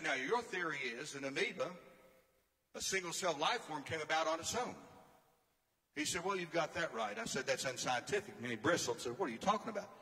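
High bright preacher guy, emphatic sermon, big hall echo. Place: church or conference hall. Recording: long hall reverb.

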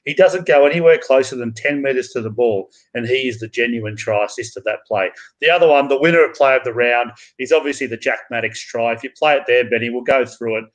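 A man co-hosting a live rugby show, talking a viewer through plays with animated explanation. He speaks in a mid-range voice over a remote connection. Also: medium pitch, brisk, few pauses, low-quality recording. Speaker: rugby analyst co-host. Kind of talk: sports analysis chat.

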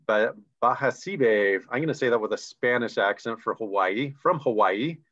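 A man's voice: medium pitch, animated, brisk, a bit bright. Enthusiastic man on dull video-call audio. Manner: enthusiastic, chatty explaining ranks. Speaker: co-host reading recognition names. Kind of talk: live online recognition announcing.

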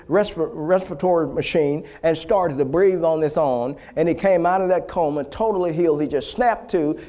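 A male pastor preaching a fervent sermon, repeating phrases and building to loud exhortation. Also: sits high.

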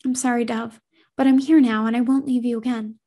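An anxious, devoted teenage boy from a horror storybook, speaking earnestly and reassuringly, as a woman narrator puts him on. The voice is dark-toned and gravelly. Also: a little high, flat delivery, a little fast.

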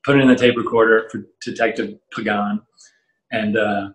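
A man's voice: fairly low pitch, normal speed. Storytelling middle-aged man, roomy sound. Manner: animated storyteller acting out quoted voices, many fillers and restarts. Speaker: interview guest, musician. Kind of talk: storytelling anecdote in casual chat. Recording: roomy echo.

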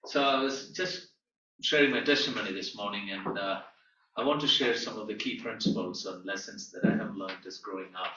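A man giving an earnest Bible-school lecture, telling a personal testimony in a halting way with pauses. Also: lowish voice, pushed and bright, a little hiss or hum. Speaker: guest teacher at a Bible school. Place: lecture room. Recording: echoey room, distant dull mic.

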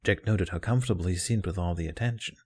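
Brief: male narrator, fan fiction audiobook, steady delivery, lower pitch. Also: fast talker, husky. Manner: calm, steady storytelling.

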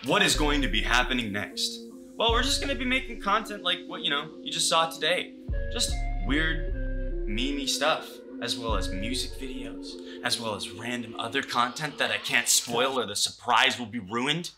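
A man's voice: lively intonation, normal speed. A young man doing a mock-paranoid comedy rant as a YouTuber. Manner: mock-paranoid, yelling in a frantic high voice. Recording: voice over loud music.

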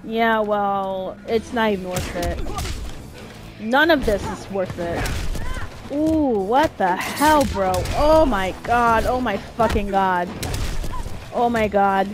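Woman, gameplay commentary, frustrated, heavy swearing, unhurried, game music underneath. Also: mid-range voice. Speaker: gamer streaming a playthrough.

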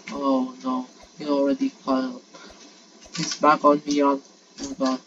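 A woman narrating her own gameplay in an excitable, frantic way, piling up repeated pleas and urgings. Her voice sits low and her pace is unhurried. The recording is dull and lo-fi, with clear noise underneath. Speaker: gaming channel host. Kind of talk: live gameplay commentary.

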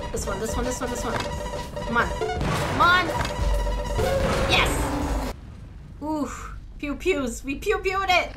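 A woman gaming streamer giving excitable live play-by-play commentary, shrieking and exclaiming as she plays. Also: sits high, slow pace, long pauses. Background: clear game music.

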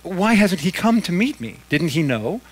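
A resentful ghost of a grieving mother, snapping and demanding to see her son, as a male preacher reads her part aloud. The voice climbs high and tight with frustration. Underneath it keeps a slightly husky edge. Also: sing-song, normal speed, exaggerated voice. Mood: bitter demanding.

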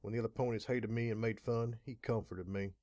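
A man narrating a fan audiobook in a dramatic, measured reading. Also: lowish voice, fairly even intonation, mellow, dry recording, clean studio sound. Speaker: audiobook reader. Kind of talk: scripted narration.

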